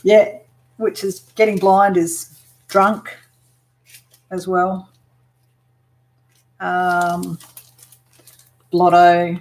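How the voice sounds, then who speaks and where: A woman's voice: fairly low pitch, level tone, drawn-out words, pauses often, darkish tone. An Australian woman chatting casually on a live stream as she works on a craft, laughing often as she explains slang to viewers. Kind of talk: casual live chat while working.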